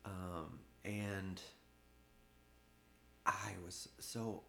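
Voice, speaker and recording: A man, a guest artist, speaking candidly in an interview, halting with many restarts and occasional laughs. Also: low-pitched, steady tone, bright, forceful tone, roomy sound, slight background noise.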